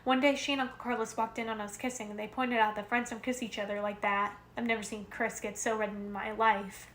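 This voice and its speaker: In an echoey room with faint noise, a woman reads a novel aloud as an amateur audiobook. Her mid-range voice is brisk, and she keeps a steady first-person narration with occasional self-corrections.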